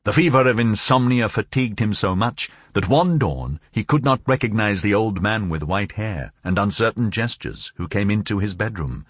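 A man narrating a novel as an audiobook, in a measured, expressive storytelling manner. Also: fairly low pitch, slightly rough, no echo, clean studio sound.

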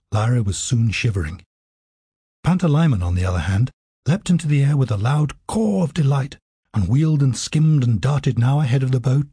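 Dark, very husky male narrator. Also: mid-range voice, dry recording, studio quality. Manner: steady, vivid storytelling. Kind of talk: audiobook narration.

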